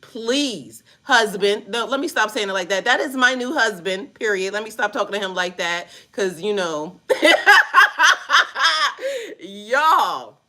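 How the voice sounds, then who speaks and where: A woman giving casual, profane reaction commentary on a news clip, laughing often and talking in a loud, playful way. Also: medium pitch, expressive, moderate pace, hardly any pauses.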